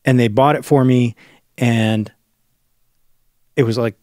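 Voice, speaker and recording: A man's voice: mid-range voice, steady tone, slow pace, a little mellow, no room sound, studio quality. A middle-aged man co-hosting a podcast, chatty and full of anecdotes and asides. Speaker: podcast co-host. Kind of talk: casual chat.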